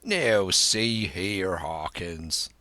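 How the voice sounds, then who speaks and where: A man voicing a wily, blustering one-legged old pirate cook in a slow audiobook reading. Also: low voice, pushed and bright, no room sound, pitched below the performer's own voice, exaggerated voice. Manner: bluff, blustering, sly sea talk.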